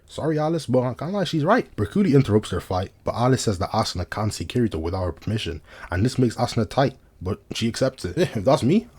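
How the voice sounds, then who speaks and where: A man's voice: deep voice, darkish tone, slightly rough. A young man giving casual, slangy recap commentary over anime footage, with joking asides.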